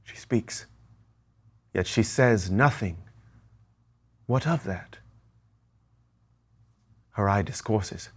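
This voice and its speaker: A male actor reciting Shakespearean verse as the lovestruck young Romeo, in a measured, lyrical delivery. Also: on the low side, slightly rough, exaggerated voice.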